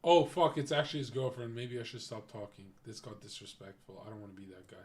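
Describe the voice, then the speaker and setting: A male streamer ranting bluntly to his chat with a noticeable lisp. His pitch sits in an ordinary middle range. He rambles in a casual, profane, off-the-cuff way. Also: expressive, fast. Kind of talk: casual reaction-stream commentary.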